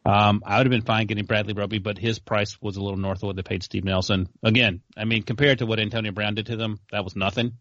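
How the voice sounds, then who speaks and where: A man's voice: fairly low pitch, flat delivery, fast, few pauses, fairly bright tone, no echo. A man co-hosting a casual sports show, chatty and correcting himself as he goes. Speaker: sports podcast co-host. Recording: dry muffled lo-fi audio.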